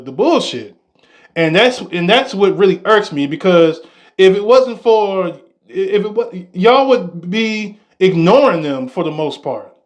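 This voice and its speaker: Male podcast host, slightly high voice, emphatic, casual talk.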